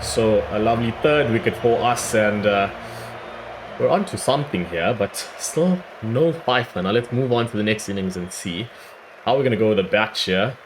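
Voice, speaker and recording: A man with a hoarse, worn-out voice giving chatty play-by-play commentary on his own cricket video game, breaking into excited cries at big moments. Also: lowish voice, normal speed, slight background noise. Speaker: gaming YouTuber. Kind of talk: casual play-by-play gameplay commentary.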